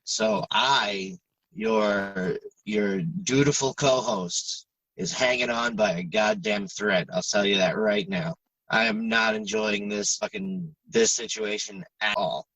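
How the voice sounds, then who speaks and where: A podcast co-host in casual chat, talking frankly and swearing freely with halting restarts, audibly stressed and upset. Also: male voice, lowish voice, expressive, a bit bright, dry recording, distant mic, poor audio.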